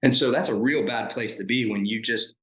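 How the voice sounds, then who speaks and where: Bright, lively man telling his story. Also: medium pitch, fairly quick, roomy sound, low-quality recording. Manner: animated storyteller who acts out quoted lines and laughs at himself. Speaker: podcast guest, former Navy SEAL sniper. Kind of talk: personal storytelling in an interview.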